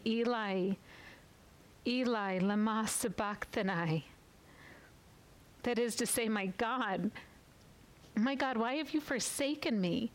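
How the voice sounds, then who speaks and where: A woman giving a tender, earnest Bible teaching for women and closing in prayer, slowing down as she reads scripture. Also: medium pitch, low-quality recording.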